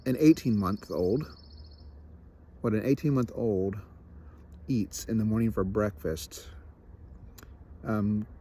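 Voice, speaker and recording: Young man, lower register, confessional vlogger; halting, self-deprecating, frequent restarts. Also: a little mellow. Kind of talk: reflective personal vlog.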